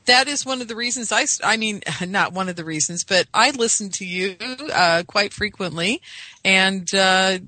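An American woman in her fifties chats as a caller on a talk show. Her voice is bright and crisp, her manner agreeable, with lots of you-knows. The sound is dry and close. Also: mid-range voice, moderate pace, no room sound. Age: 50s. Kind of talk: casual chat.

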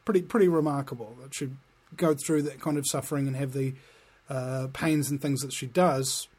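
A man's voice: a little high, darkish tone, slightly rough. A middle-aged man hosting a podcast, giving sarcastic, impassioned commentary and laughing at his own jokes. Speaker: podcast host. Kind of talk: ranting commentary.

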